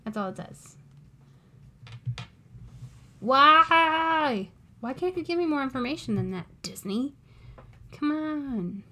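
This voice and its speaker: A woman co-hosting a podcast, talking excitedly in a casual fan chat. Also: high-pitched, takes it slowly, pauses often. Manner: chatty, excited fan talk with frequent laughs. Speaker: podcast co-host.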